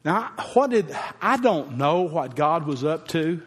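A man's voice: fairly high pitch, big pitch swings, a little slow, husky. A man, a pastor telling a heartfelt personal story in a folksy sermon. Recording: long hall reverb.

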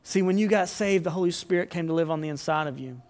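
A man's voice: on the high side, fast, a little mellow. A man preaching a sermon as pastor, earnest and building to fervent appeals. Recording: long hall reverb.

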